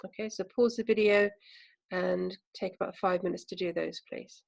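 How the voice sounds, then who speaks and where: An English woman, a language teacher, giving a recorded remote lesson with patient, clear explanations and frequent pauses. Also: fairly low pitch, fairly even intonation, low-quality recording.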